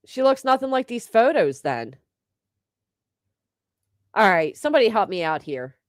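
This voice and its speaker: Livestream host, woman, mid-pitched and gossipy, on a dry close mic. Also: very animated, a little slow, no room sound. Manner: chatty, gossipy, laughs often. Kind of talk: casual livestream chat reading comments.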